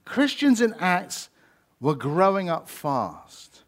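A man preaching with a somewhat high voice. He keeps it conversational, with fillers and rhetorical questions. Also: very animated, slow. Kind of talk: sermon.

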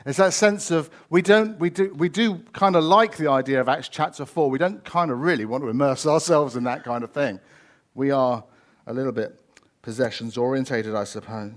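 A man's voice: medium pitch, moderate pace. A man preaching a sermon, conversational, with rhetorical questions and frequent fillers.

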